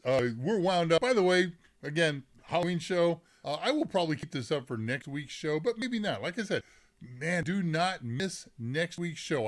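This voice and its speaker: A middle-aged man hosting a live tech Q&A stream in casual chat, rambling, breaking off mid-sentence, reading the chat aloud and laughing often, on a desk microphone. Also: on the high side.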